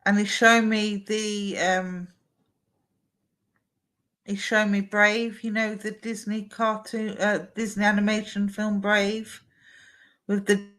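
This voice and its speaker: Female medium, talky and warm-paced, live-stream reading. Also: mid-range voice, flat delivery, takes it slowly, long pauses. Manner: chatty, relays messages from spirit.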